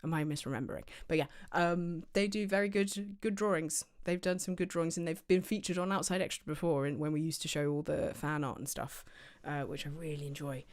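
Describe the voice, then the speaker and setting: Low-voiced woman rambling on a stream. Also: steady tone, a little fast, hardly any pauses. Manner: rambling, chatty, full of fillers and tangents. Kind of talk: casual livestream chat. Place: home office.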